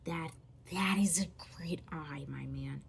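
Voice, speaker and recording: A woman's voice: takes it slowly, creaky, a little hiss or hum. A woman chatting casually through a drawing tutorial, rambling, playful and often dropping to a whisper as she draws. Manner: playful, makes silly squeaky noises. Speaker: vlogger drawing on camera.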